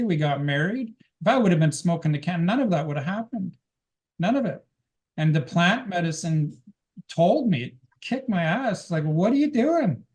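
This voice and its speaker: Earnest man telling spiritual stories. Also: on the high side. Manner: earnest, rambling storytelling with restarts. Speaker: guest speaker teaching a class. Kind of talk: personal spiritual testimony.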